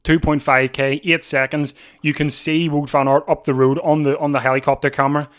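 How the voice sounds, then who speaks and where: A man hosting a live watch-along, calling a bike race in a breathless, excitable way and repeating himself as the finish nears. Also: fairly high pitch, clean tone. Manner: breathless, rising to shouts at the finish; talks fast over the race, repeating himself. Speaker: livestream watch-along host. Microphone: desk mic.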